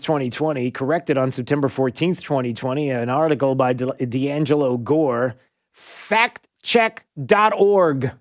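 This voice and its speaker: A male talk radio host, a little higher-pitched than most men, delivers opinionated commentary straight into a studio microphone. He is animated and sarcastic, and often chuckles at his own remarks. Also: no room sound.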